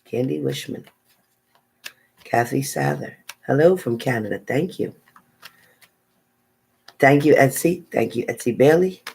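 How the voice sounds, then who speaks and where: A woman's voice: rumbling low, unhurried, gravelly, pauses often, a little mellow, slight background noise, rough recording. A woman tarot reader chatting casually on a live stream, reading out viewers' names and sometimes stumbling over them.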